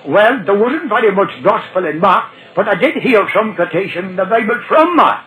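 An older man preaching a sermon, telling his own conversion story in a folksy way and quoting scripture slowly. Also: high voice, big pitch swings, pushed and bright, low-quality recording. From Ireland. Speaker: evangelist. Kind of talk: old recorded sermon testimony.

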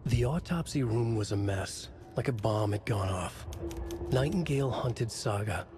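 An actor giving measured, brooding noir narration in short fragmented phrases for a video game. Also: male voice, on the low side, animated. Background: game music.

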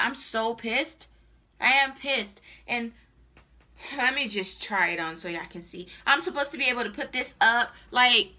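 A woman's voice: sits high, bright, forceful tone. A young adult woman giving a casual, exasperated product review to her viewers, repeating herself and swearing. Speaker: hair reviewer vlogger.

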